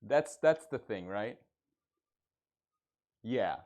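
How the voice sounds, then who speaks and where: A man's voice: lowish voice, animated, very slow, darkish tone. A young man chatting casually on a live stream in a playful, joking teacher persona, laughing often.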